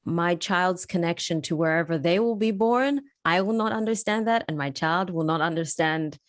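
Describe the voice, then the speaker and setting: A young woman speaking candidly and wistfully in a podcast conversation, now and then acting out other people's words. Her voice sits a little low. The recording is dry and close. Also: moderate pace, no room sound. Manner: candid and wistful, slips into animated quoted voices. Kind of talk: casual podcast chat.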